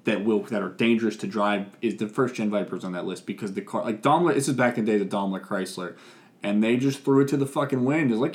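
Fast-talking rambling man co-hosting. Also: fairly low pitch. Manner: rambling, excitable, full of likes and swearing. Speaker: podcast co-host. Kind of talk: casual podcast chat.

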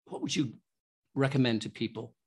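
A man's voice: medium pitch, sing-song, a little fast, a little mellow, slightly rough. A male host with a plain mid-range voice poses a reflective question. He hesitates and restarts as he shapes his thoughts. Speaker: podcast host. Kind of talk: interview question.

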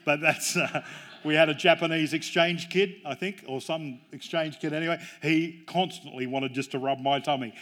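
Joking preacher, fairly high voice. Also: male voice, steady tone, moderate pace, fairly bright tone. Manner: jokey, storytelling preacher with emphatic rises. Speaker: pastor. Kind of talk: sermon.

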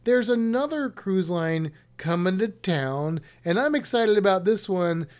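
A man's voice: high-pitched, expressive, a little slow, a little mellow. Chatty man co-hosting a podcast. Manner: chatty, rambling, joking. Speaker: podcast co-host. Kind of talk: casual podcast chat.

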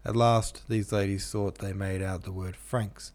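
A man narrating a classic novel aloud in a measured, even manner. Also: sits low. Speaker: audiobook narrator.

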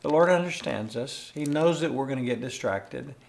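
A man's voice: mid-range voice, moderate pace, vocal fry. An older man hosting a faith podcast, teaching in a conversational, earnest way and chuckling often. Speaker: podcast host and pastor.

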